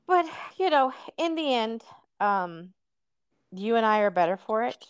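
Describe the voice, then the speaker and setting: A woman's voice: on the high side, sing-song, unhurried, smooth, no room sound. Candid woman telling a story, dry sound. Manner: candid storytelling, calls guest "girl". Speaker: podcast host. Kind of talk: casual chat.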